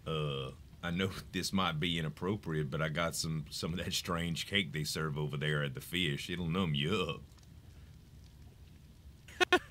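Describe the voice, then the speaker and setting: A man chatting in character during a roleplay game, laid-back and halting, often restarting his words. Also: extremely low pitch, sharp tone, a little hiss or hum. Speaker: roleplay player.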